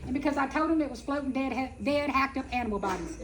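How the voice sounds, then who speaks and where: A middle-aged woman telling a personal story at a festival, dramatic, acting out quotes and swinging between loud and soft. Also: sits high, quick pace, low-quality recording. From Texas. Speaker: speaker at a festival. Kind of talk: storytelling talk.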